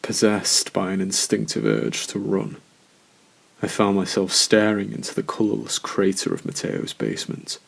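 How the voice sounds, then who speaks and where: A man narrating a first-person horror story in a slow, measured, scripted way. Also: fairly low pitch, sing-song, creaky, breathy edge.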